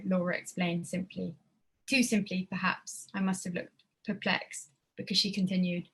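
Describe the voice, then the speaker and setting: A woman reading her own prose at a literary evening, measured with a wry tone. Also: fairly low pitch, little pitch movement, slightly rough. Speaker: student writer reading her work.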